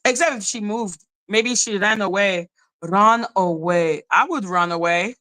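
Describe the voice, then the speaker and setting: A woman hosting a live podcast, ranting in an animated, profane way and laughing often. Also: mid-range voice, moderate pace, rough recording. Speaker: podcast host.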